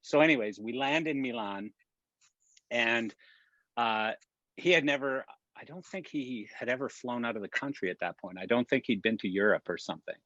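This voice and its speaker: A man tells an animated, rambling story at a middling pitch, restarting his sentences often. He is on a video call, and the audio is dull and dry. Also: normal speed, no echo. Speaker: production industry guest. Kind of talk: casual storytelling.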